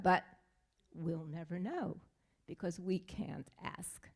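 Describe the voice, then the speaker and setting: An older woman with a fairly low voice tells a family story from the front of a synagogue sanctuary. She speaks in a heartfelt, halting way, pausing often and using fillers as she goes. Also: creaky, fairly bright tone. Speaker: congregant sharing a family story. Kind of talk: personal storytelling at a service.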